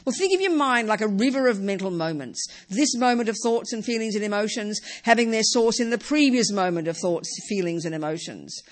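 A woman's voice: mid-range voice, animated, a little fast, hardly any pauses. A woman teaching a Buddhist lesson in an informal, emphatic way, often tossing in rhetorical tag questions and "you know" asides. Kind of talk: informal dharma talk.

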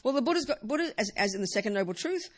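A woman's voice: fairly high pitch, racing. Woman giving a dharma talk in a hall, jokey, repeats stuff for emphasis. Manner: lively, joking, repeats words for emphasis. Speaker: Buddhist teacher. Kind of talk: Buddhist dharma talk to a live audience. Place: teaching hall with audience.

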